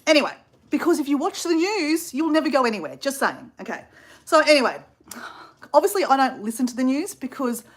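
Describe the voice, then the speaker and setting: A chatty Australian woman in her fifties tells a travel tale to her viewers. Her voice sits a little high and swings widely up and down. She keeps breaking off to talk straight to the audience. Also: fairly quick. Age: 50s. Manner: chatty, animated, asides to viewers. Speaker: storyteller. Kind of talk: casual travel storytelling.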